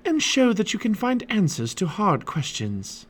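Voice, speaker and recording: A man's voice: high voice, huge pitch swings, unhurried, voice pushed up, full character voice. A man voicing a kind, mysterious old sorceress librarian in a family storybook reading. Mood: calm. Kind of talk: family storybook read-aloud.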